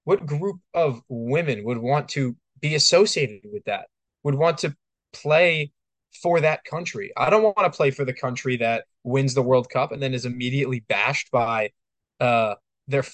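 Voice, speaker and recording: A man's voice: mid-range voice, unhurried, a bit bright, dry recording. A man co-hosting a podcast, talking emphatically and exasperatedly, restarting words often. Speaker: podcast co-host. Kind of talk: casual podcast discussion.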